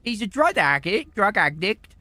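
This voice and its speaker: A man's voice: high-pitched, moderate pace, no echo, heavily acted. A man doing a brash junkie defendant. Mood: defensive. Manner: stammering, rambling, excitable. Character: brash drug-addled male defendant, rambling and shameless. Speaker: defendant in a roleplay trial. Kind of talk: improvised game roleplay.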